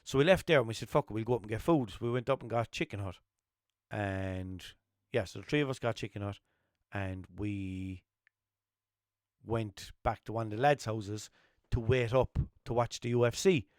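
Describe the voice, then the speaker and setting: A young man from Limerick with an Irish accent, hosting a podcast as a rambling, swearing casual storyteller who keeps jumping into animated quotes. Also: lowish voice, moderate pace, clean tone, no room sound, studio quality. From Limerick, Ireland. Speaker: podcast host.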